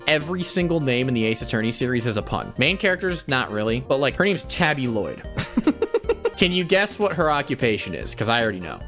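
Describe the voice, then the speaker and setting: A man streaming a game, giving jokey, excitable commentary and laughing often. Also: mid-range voice, fairly quick. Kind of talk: playthrough commentary. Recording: game music behind the voice.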